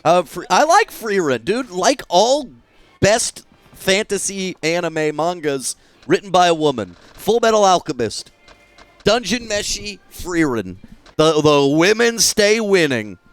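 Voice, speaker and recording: A young man streaming a game, chatting casually in an animated, jokey way, swearing freely and breaking into sudden loud outbursts. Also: sits high, measured pace, no room sound, soft background music.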